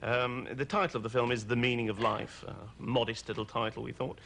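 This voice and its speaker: A man from Wales with an English accent, an excitable and playful talk show guest who laughs easily. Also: medium pitch, fairly quick, gravelly, a little hiss or hum. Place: TV studio.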